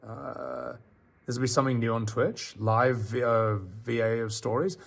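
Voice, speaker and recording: A man reading horror stories on a live stream at night, theatrical and dropping into low whispers, chatting with viewers between passages. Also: level tone, normal speed, gravelly, fairly bright tone. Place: outdoors on a porch at night.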